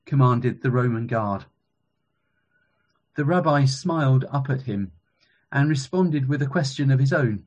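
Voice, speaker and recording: A man, a former school chaplain, preaching a sermon in a measured, reflective storytelling manner. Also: medium pitch, animated, husky.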